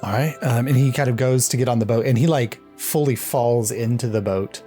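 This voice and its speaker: A man's voice: medium pitch, a little fast, warm tone, faint music behind. Rambling man narrating a game. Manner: rambling narration with many ums and likes. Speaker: game master.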